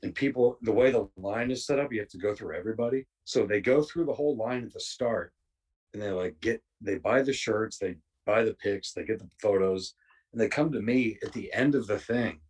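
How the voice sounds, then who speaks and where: A man telling profane, rambling anecdotes in a casual podcast chat, slipping into quick impressions of other people. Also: on the low side, darkish tone, slightly rough, recorded from a distance. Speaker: podcast guest.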